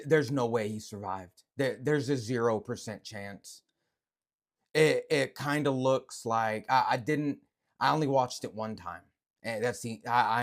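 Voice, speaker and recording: Gravelly, unhurried commentator, halting and stammering. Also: mid-range voice. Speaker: online commentator. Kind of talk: emotional reaction video.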